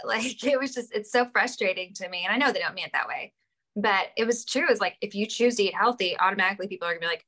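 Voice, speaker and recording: A woman on a casual business call telling a story in an animated way. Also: medium pitch, quick pace.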